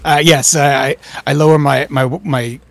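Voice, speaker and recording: A man's voice: a little high, fairly even intonation, normal speed, gravelly, a bit bright, no echo. A man playing a tabletop game who talks in a hesitant, stammering way. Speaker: player. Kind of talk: casual tabletop game talk.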